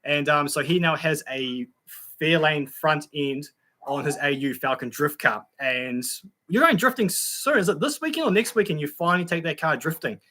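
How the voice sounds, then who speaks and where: Australian man, live-stream host, bright tense tone, a bit high, casual friendly chat. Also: expressive, normal speed. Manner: chatty, friendly, many fillers, greets viewers by name. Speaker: YouTube channel host reading live chat.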